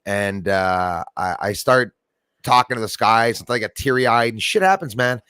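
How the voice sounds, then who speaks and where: Rambling, excitable man on a dry mic. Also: lowish voice, normal speed, smooth, no echo. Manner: rambling, emotional, swears freely. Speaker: host. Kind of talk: casual livestream chat.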